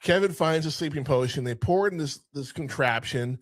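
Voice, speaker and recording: Male podcast host, higher voice, dry close mic, animated swearing film recaps. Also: fairly quick, dry recording. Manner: animated retelling, frequent swearing. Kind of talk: casual film review chat.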